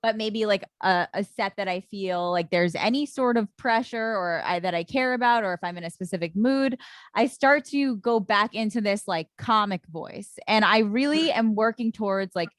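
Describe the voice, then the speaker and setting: A woman's voice: mid-range voice, moderate pace, no room sound. Thoughtful woman podcast host, dry sound. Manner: thinks aloud, hesitant, many restarts. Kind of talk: casual chat.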